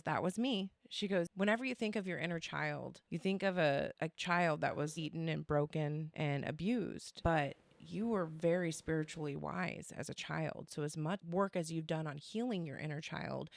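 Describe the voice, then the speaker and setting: A woman co-hosting a podcast, telling a story in casual chat, animated and quoting others as she goes. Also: deep voice, normal speed, vocal fry, no room sound. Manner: animated, quotes others, swears and laughs. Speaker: podcast co-host.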